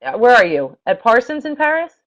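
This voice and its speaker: A woman hosting a casual live online chat, giving lively, playful advice to a guest. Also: on the high side, brisk, lo-fi sound. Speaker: host.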